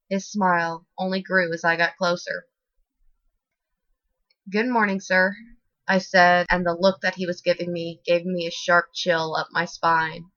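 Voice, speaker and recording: A woman reading a horror story as scripted narration in a steady, expressive way, in a slightly muffled dry recording. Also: lowish voice, no echo.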